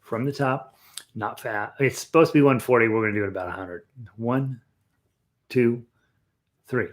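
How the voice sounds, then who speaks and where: A man teaches a ukulele class in a loose, conversational way, rambling and restarting his sentences. His pitch sits in an ordinary middle range, and an instrument can be heard in the background. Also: normal speed. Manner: rambling, chatty, full of fillers and restarts; sings rhythms with "bum" syllables. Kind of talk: casual live music lesson.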